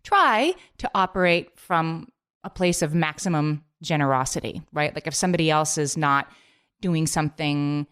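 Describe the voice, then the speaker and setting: A woman co-hosting a podcast in casual chat, talking quickly and emphatically with lots of "like". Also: low voice, animated, fairly bright tone, clean tone. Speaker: podcast co-host.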